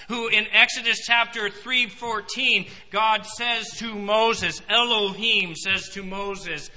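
Bright-voiced preacher in a reverberant hall. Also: male voice, high voice, steady tone, takes it slowly, few pauses. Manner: emphatic, swings between loud and soft. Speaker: pastor. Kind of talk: sermon.

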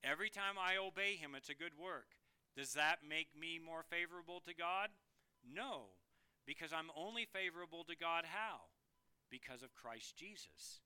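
A man preaching a sermon earnestly, swinging between emphatic declarations and hushed, quiet phrases. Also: a little high, clean tone.

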